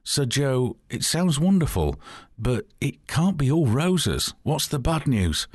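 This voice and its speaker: A man playing an excitable old man in his nineties, a devoted rugby fan who talks with raised, eager energy. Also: mid-range voice, takes it slowly, breathy edge, no echo, clean studio sound, voice pushed up, full character voice. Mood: startled, eager.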